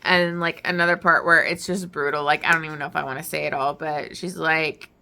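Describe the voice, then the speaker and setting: A young woman reviews a book in loose, casual chat, peppering her talk with "like" and "um". Her voice sits fairly low yet sounds bright and forward, with a gravelly fry running through it. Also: fairly even intonation, fairly quick. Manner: chatty, full of "like" and "um" fillers. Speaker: book vlogger.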